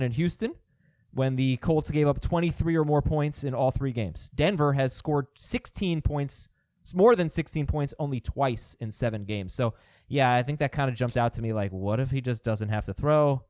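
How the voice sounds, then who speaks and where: A man hosting a casual sports chat show in a studio, quick and questioning as he steers his panel. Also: medium pitch, darkish tone, dry recording. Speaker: show host.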